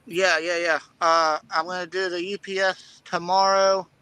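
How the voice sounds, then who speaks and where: A truck driver talks from his cab in a high, very bright and smooth voice. He answers in short, matter-of-fact replies, recorded dry. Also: level tone, normal speed, dry recording, poor audio. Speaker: truck driver panel guest. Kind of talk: casual chat.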